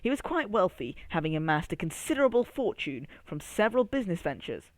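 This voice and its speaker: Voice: medium pitch, fairly quick, dry recording. A storyteller reading a children's story aloud, speaking straight to young listeners. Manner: addresses young listener, expressive.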